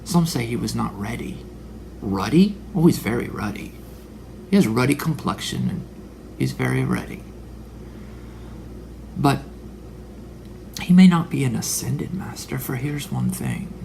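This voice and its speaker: Gravelly-voiced man preaching. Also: medium pitch, sing-song, a little slow, long pauses, darkish tone, a little hiss or hum. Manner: dramatic, drops into breathy whispered asides. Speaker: religious speaker. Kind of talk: preaching monologue.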